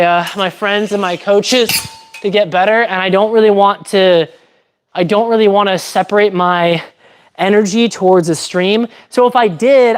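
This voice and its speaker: Chatty woman explaining fencing technique. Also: mid-range voice. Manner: chatty, thinks aloud, explains technique step by step. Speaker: fencer streaming her training. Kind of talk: casual livestream chat while training.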